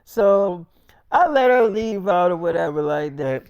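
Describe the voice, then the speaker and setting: A man's voice: high voice, expressive, unhurried, creaky, a little mellow, clean tone, no room sound, lo-fi sound. A young man rambling through a freestyle story in casual slang, repeating himself.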